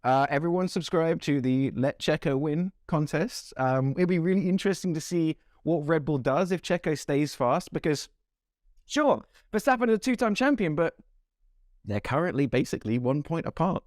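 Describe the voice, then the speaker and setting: A man co-hosting a sports podcast, chatting casually, animated and joking, laughing often. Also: fairly high pitch, moderate pace, no room sound, studio quality. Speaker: podcast co-host. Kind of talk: casual chat.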